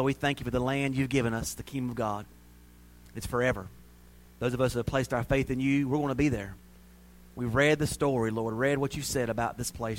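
Earnest pastor praying, fervent then hushed. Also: male voice, mid-range voice, slight background noise. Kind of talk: sermon and altar-call prayer. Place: church sanctuary.

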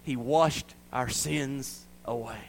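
A man from the American South preaching a sermon, swinging from loud, high-pitched exhortation to hushed intensity. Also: takes it slowly, creaky, a little hiss or hum. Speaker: pastor.

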